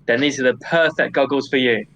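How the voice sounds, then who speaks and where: A man playing a tabletop game, delivering a goofy infomercial-style pitch. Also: a little fast, fairly bright tone, highs cut off, slight background noise. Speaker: player.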